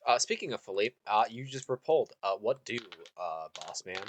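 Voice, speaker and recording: A man running a tabletop game as game master, loose and halting, with many fillers. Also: fairly low pitch, big pitch swings.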